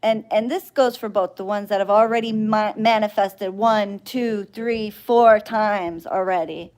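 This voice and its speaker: A woman's voice: mid-range voice, steady tone, a little slow, darkish tone, clean tone. Blunt, exasperated woman ranting on a livestream. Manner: sighing and weary. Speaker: spiritual practitioner and spell caster. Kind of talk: livestream rant to viewers.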